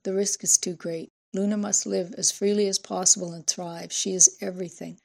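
A woman's voice: fairly low pitch, little pitch movement, moderate pace, vocal fry, a little mellow. A woman voicing a grieving woman scientist, restrained, her voice breaking at times. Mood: sorrowful.

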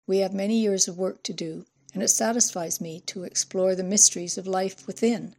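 A woman voicing a pained, resigned man who speaks quietly and firmly. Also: mid-range voice, steady tone, normal speed, close to an everyday voice. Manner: quiet, firm, sighing.

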